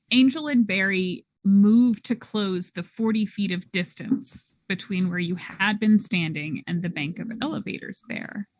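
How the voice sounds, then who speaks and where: A woman narrating a tabletop role-playing game as storyteller, setting scenes slowly and deliberately. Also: mid-range voice, slight background noise.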